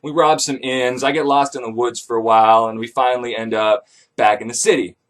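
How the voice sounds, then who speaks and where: A man retelling an ancient tale as casual comedy, irreverent and profane with deadpan asides. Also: mid-range voice, brisk. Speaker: comedic myth storyteller.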